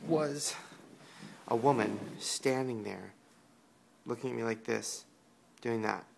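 A man vlogging to camera, telling a personal story in an animated, casual way with plenty of swearing. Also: mid-range voice, a little slow, vocal fry, pauses often, slight background noise. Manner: animated, profane, laughing storyteller.

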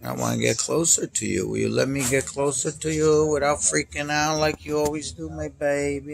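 A man's voice: mid-range voice, fairly even intonation, normal speed, vocal fry, hardly any pauses. A man at home filming his cat on a phone, talking in doting baby talk. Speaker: pet owner filming his cats. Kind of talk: casual home video commentary. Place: at home indoors.

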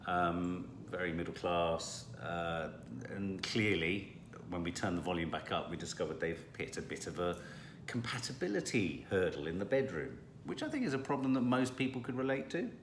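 Low-voiced British man, chatty and cheeky. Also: fairly bright tone, a little hiss or hum. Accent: British English. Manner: chatty, playful, cheeky asides. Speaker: co-host reviewing a TV series. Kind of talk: casual chat. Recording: echoey room.

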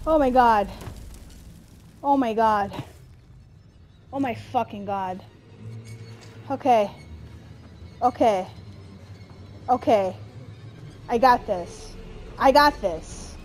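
Scared woman gamer, slow and high, swears a lot. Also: slight background noise. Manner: frightened, swearing, yelling at the game. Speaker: gamer playing a horror game. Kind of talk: horror let's play commentary.

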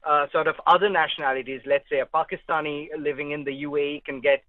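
A man, a travel journalist, joining a radio show as a guest, talking in a relaxed, halting way with many fillers. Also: on the high side, no echo. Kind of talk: phone-in radio interview. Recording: tinny phone line.

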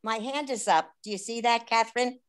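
A woman's voice: a little high, a little fast, clear, resonant tone. A woman attending an online lecture who asks direct, insistent questions over a video call.

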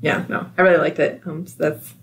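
A woman's voice: sits low, level tone, a little fast, creaky, slight background noise. A young woman co-hosting a podcast, talking casually about a film with lots of "like" and "you know". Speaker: podcast co-host. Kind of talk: casual chat about films.

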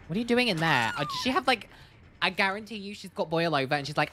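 A woman's voice: mid-range voice, animated, fast, pushed and bright, faint music behind. A woman streamer giving playful, jokey commentary as she plays a game, with sing-song bits. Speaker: gaming streamer. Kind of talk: casual gameplay commentary.

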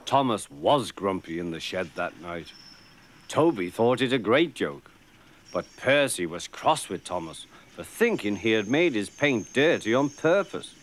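A British man narrating a children's storybook in a measured, expressive way. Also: on the low side, slight background noise. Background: music.

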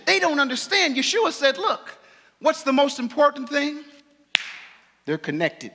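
A tearful male pastor preaching an impassioned sermon, swinging from hushed tones to shouts. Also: very high voice, huge pitch swings, a little slow, long pauses, slight background noise. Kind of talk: emotional sermon. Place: fellowship hall. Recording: long echo of a hall.

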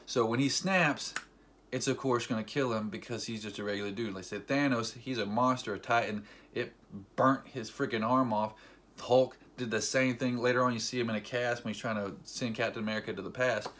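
A man recapping a movie for his vlog in a loose, rambling way, full of fillers. He acts out the scenes with bursts of sound effects. His voice sits at an ordinary middle pitch for a man. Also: fairly quick. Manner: animated storyteller with sound effects. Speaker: movie fan vlogger. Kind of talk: casual excited movie recap.

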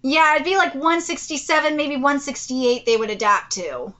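A woman's voice: high voice, normal speed, sharp tone. A woman hosting an anime commentary channel, talking casually, exasperated and pleading, with frequent swearing.

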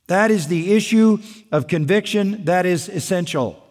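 A man preaching a sermon as pastor, emphatic, slowing down to stress key points. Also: high voice, expressive, darkish tone. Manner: emphatic preaching, slows down for weight. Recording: long hall reverb.

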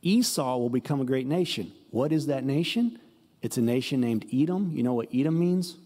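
A man's voice: medium pitch, lively intonation, normal speed, warm tone, long reverb tail. A male pastor giving a sermon in a blunt, emphatic, conversational preaching manner. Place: church sanctuary.

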